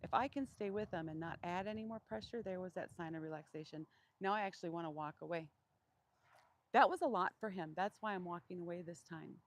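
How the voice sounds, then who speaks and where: A woman training a wild donkey in an outdoor pen, speaking calmly and keeping her voice deliberately monotone as she explains each step. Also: low-quality recording. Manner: calm, low-key, deliberately monotone. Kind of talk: live training demonstration.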